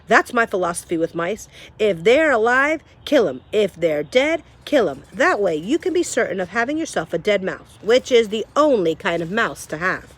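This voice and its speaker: A woman voicing a harsh, impatient female cook who shouts and scolds. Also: mid-range voice, big pitch swings, moderate pace. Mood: shouting, scolding.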